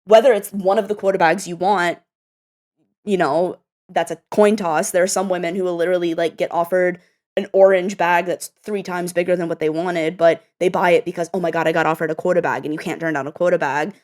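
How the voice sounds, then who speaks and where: A woman's voice: fairly low pitch, fairly even intonation, a little fast, darkish tone. Chatty, blunt woman podcast guest. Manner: chatty, blunt, swears freely. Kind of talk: casual podcast chat.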